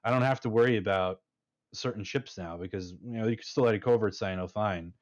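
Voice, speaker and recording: A man's voice: on the low side, fairly quick, highs cut off. A man in a casual panel discussion, speaking emphatically and often checking in with "right?". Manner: emphatic, keeps adding "right?". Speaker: panel guest, fleet commander.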